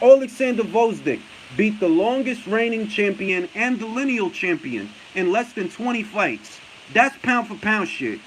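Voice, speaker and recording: A male boxing talk show host ranting in casual chat, animated and profane, hammering his points with repetition. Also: high-pitched, a little hiss or hum, poor audio. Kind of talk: casual chat, heated rant.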